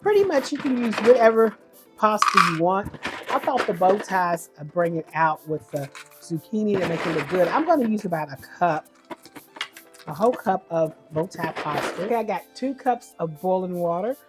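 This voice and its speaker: A woman's voice: fairly low pitch, lively intonation, normal speed, music in the background. A woman giving a casual cooking demonstration at home, chatty and homey, often correcting herself as she goes. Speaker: home cook.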